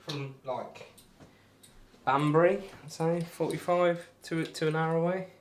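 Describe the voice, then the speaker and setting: A man's voice: a little high, unhurried, slight background noise. A man with a broad Northamptonshire accent chatting casually to viewers on a darts live stream, laid-back and laughing often. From England.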